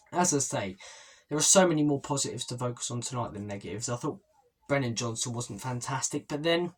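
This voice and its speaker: Husky-voiced man giving football reactions. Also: mid-range voice. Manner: chatty, opinionated, repeats "as I say". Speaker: football fan channel host. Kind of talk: post-match reaction vlog. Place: holiday stay by the sea.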